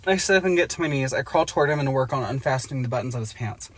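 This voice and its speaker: A woman's voice: a bass voice, racing, husky. A woman podcast host reading a romance novel aloud in a parked car, with crude, laughing asides.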